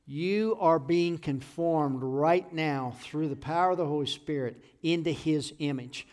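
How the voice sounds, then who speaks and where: Middle-aged male pastor, earnest sermon delivery, slightly high pitch, swells to urgent pleading on scripture. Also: a little slow. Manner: earnest, rises to loud pleading when quoting scripture.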